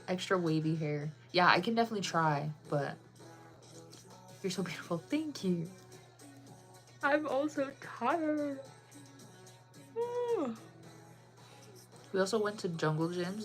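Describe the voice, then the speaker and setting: A woman chatting casually with viewers on a live stream, bubbly and full of "like" fillers. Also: on the low side.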